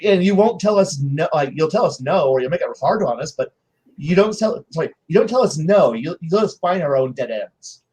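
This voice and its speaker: A man's voice: fairly high pitch, brisk, slightly rough. A man on a panel telling game stories in casual chat, acting out his players' lines and restarting often. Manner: animated anecdotes with many restarts and acted-out quotes.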